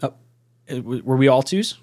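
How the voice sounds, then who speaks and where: A man co-hosting a casual sports chat stream, animated and self-mocking, breaking into laughs as he tells stories. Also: mid-range voice, measured pace. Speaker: podcast co-host.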